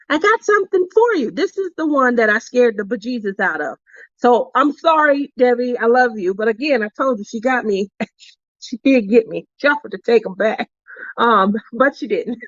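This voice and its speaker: A middle-aged woman hosting a crafting vlog, telling chatty stories with frequent laughter and animated retellings. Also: a little high, no echo. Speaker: crafting channel host. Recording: dull lo-fi sound.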